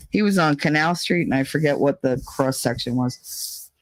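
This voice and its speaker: A woman's voice: low voice, normal speed, dry recording. A woman hosting a casual chat show, telling stories in a blunt, profane way. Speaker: host.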